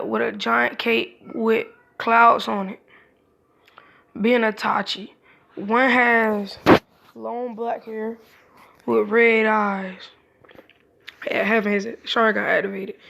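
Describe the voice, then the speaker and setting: A woman's voice: a little high, gravelly, fairly bright tone, highs cut off. A woman casually retelling a fan-made story, rambling with many restarts and self-corrections.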